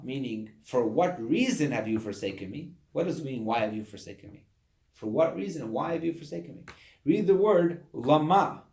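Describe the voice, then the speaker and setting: Echoey gravelly man teaching a class. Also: medium pitch. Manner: animated, acts out voices of people. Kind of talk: lesson to a study group.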